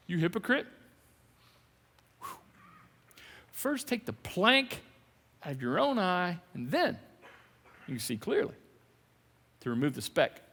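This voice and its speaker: Animated, bright-voiced male preacher. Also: medium pitch, big-room sound. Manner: animated, jokey preaching with sudden loud emphasis. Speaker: pastor. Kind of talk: sermon. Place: large church hall.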